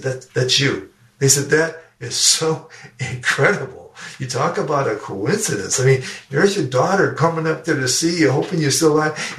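With a medium-pitched, fairly bright voice, an older man who works as an educator and speaker recounts a personal story earnestly during a podcast interview. He frequently repeats himself, and the recording sounds roomy and far from the mic.

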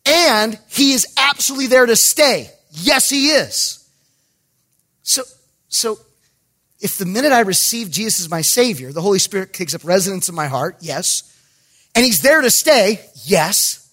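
A pastor giving an emphatic sermon, with jokey asides and bursts of raised voice. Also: male voice, high-pitched, sing-song, moderate pace, sharp tone.

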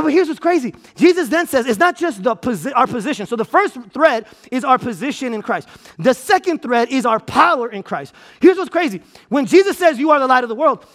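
Male pastor, high voice, energetic sermon delivery, emphatic restarts. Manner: energetic, repetitive preaching with restarts and emphatic repeats. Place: church auditorium.

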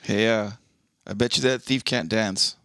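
A man's voice: fairly low pitch, steady tone, unhurried, a bit bright, dry recording, clean studio sound. A man co-hosting a casual podcast, laid-back and jokey with hesitant fillers. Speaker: podcast co-host. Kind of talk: casual chat.

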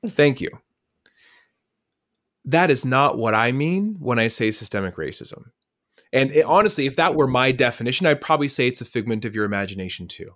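A man speaking as a podcast guest, telling stories in a lively conversational way and acting out the dialogue. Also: mid-range voice, quick pace. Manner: lively storyteller who acts out dialogue. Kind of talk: conversational storytelling.

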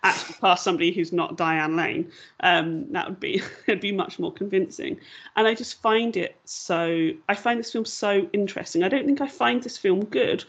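A woman's voice: medium pitch, moderate pace, slightly rough. A woman hosting a casual film discussion podcast, talking in a rambling, self-deprecating way. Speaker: podcast host.

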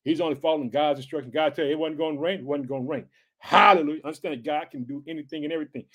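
A man preaching an excited podcast sermon, repeating catchphrases and reading scripture aloud. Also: a little high, rapid-fire.

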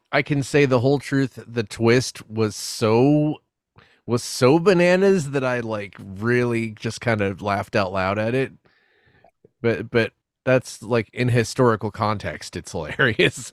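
A man's voice: mid-range voice, a little slow, no echo, clean studio sound. A man co-hosting a podcast in casual chat, musing and joking about. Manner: musing, puts on voices for laughs. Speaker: co-host.

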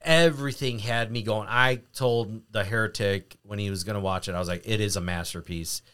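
A man with young kids, chatting casually on a podcast and getting excited as he retells scenes. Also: a little fast, smooth. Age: adult with children. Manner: excitable, breaks into laughter and high-pitched retelling. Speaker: podcast co-host. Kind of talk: casual chat.

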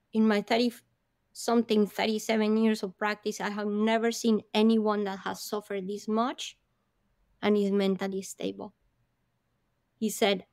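A woman guest in an interview, telling a personal story in an animated, earnest way and linking her thoughts with "and then". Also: mid-range voice, no room sound, clean studio sound. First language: Spanish.

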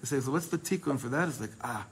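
A man teaching a Torah class to a small group, quickly reading Hebrew passages and then explaining them in English in a lively way. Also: medium pitch, heavy background noise.

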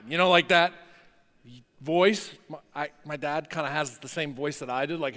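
A male pastor from North New Jersey giving a conversational, lively sermon with playful asides in a church chapel. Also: fairly high pitch, a little slow. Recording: long hall reverb.

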